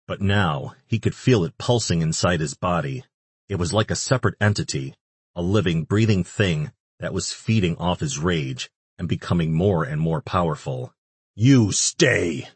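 Deep-voiced male audiobook narrator, husky tone, dry close read. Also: no room sound. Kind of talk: scripted narration.

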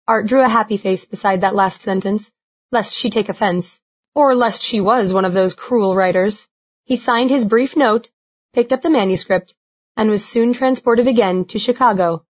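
A woman narrating a novel in a measured, expressive reading. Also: medium pitch, muffled recording. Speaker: audiobook narrator. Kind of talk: scripted narration.

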